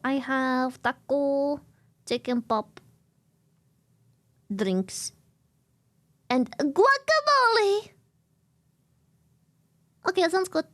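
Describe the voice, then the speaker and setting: Rich: A woman with a notably high voice chats with her stream audience in a loose, playful way. She tosses in singsong little asides as she talks. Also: sing-song, takes it slowly, long pauses, fairly bright tone. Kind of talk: casual chat with viewers.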